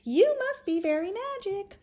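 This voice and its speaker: A woman voicing a little doll boy and girl who speak together in high, eager, chiming voices. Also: lively intonation, unhurried, warm tone.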